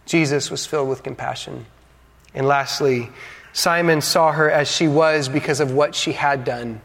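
A man with a fairly high voice preaches from the pulpit, building with dramatic pauses and dropping in playful asides to the congregation. The sound has a long reverb from a large church hall. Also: fairly even intonation, creaky, fairly bright tone. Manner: dynamic preaching, dramatic pauses, acts out quotes. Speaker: pastor. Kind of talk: sermon.

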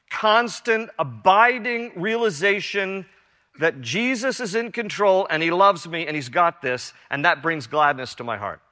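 A man's voice: on the high side, sharp tone. An older man preaching a sermon as pastor, earnest and emphatic, repeating key lines. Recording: long hall reverb.

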